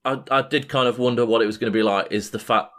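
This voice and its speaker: A man's voice: mid-range voice, steady tone, quick pace, a bit bright. A man talks on a podcast mic in a mid-range voice. He rambles through a story, piling up fillers and restarts. He swears freely in loose, casual chat. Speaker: podcast co-host.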